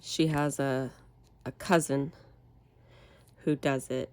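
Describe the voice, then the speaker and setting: Slow, low-voiced woman with a stuffy cold. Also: clear, resonant tone. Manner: rambling, relaxed, self-correcting. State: nasal from a cold. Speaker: crafting channel host. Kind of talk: casual chat while crafting.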